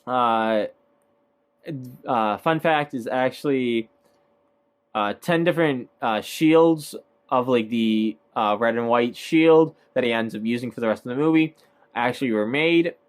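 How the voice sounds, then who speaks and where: A man's voice: mid-range voice, unhurried, clear, resonant tone. A man casually recapping a movie, rambling with lots of fillers and hesitations. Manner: rambling, filler-heavy, laughs at own points.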